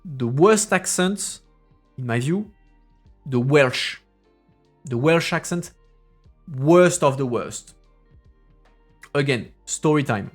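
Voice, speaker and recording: With soft music playing behind him, a French-accented man in his thirties, a streamer and parliamentary assistant, spins stories on a relaxed stream. His mid-range voice has lively intonation, moves slowly and pauses often, and his rambling tale keeps restarting amid filler sounds, with English accents mixed into his French one.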